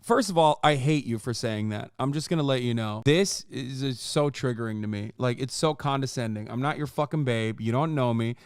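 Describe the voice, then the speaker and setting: A man's voice: mid-range voice, brisk, few pauses, clear, resonant tone, dry recording, clean studio sound. A man in his thirties ranting and joking sarcastically as he reacts to a video, swearing often. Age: 30s. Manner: profane, sarcastic, heated ranting. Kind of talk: casual reaction commentary.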